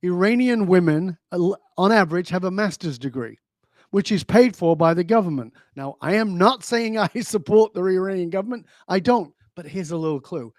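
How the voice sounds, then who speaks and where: A man speaking as a guest on an interview show, pressing his points with stories and one rhetorical question after another. His voice sits a bit high for a man. The sound is close and dry, with no room around it. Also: animated, normal speed, no echo. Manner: emphatic storyteller, rhetorical questions. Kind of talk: conversational interview.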